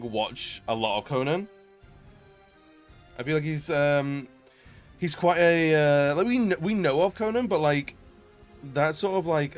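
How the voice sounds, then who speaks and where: A man chatting casually on a live stream as a variety streamer, greeting viewers with frequent fillers. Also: on the high side. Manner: chatty, laughing, greets chat warmly, many fillers.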